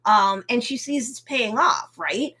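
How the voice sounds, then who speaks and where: A woman hosting a casual live review of a TV episode, recapping scenes in a lively way, acting out the characters' reactions, and slipping into motherly advice. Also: on the high side, unhurried, slightly rough. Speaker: host and TV reviewer.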